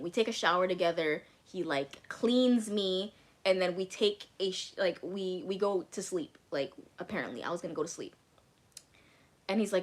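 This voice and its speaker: A woman's voice: medium pitch, normal speed. A young woman vlogger casually telling a frank story with plenty of swearing and "like" fillers. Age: young adult. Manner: frank, profane, many "like" fillers.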